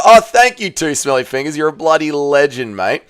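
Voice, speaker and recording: Smooth-voiced livestream host. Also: male voice, on the high side, big pitch swings, moderate pace, a bit bright. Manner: laid-back, swears freely, reads chat aloud and reacts. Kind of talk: casual livestream chat reading viewer comments.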